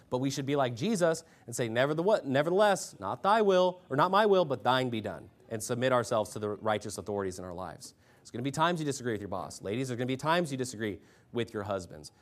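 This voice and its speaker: A man preaching a sermon as pastor, forceful, rising loud when he reads scripture, and clearing his throat often. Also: mid-range voice.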